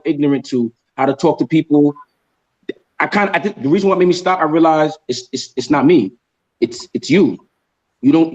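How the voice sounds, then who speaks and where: A man on a casual livestream panel, talking emphatically, repeating key phrases and slowing down to stress sayings. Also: fairly high pitch, a little mellow. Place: in a jungle. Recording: dull lo-fi sound.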